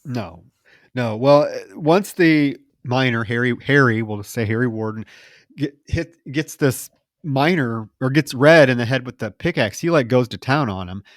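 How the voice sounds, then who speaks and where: A man co-hosting a podcast, recapping a film plot in a casual, animated way. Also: mid-range voice, moderate pace, dry recording, studio quality. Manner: animated retelling with lively emphasis. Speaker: podcast co-host.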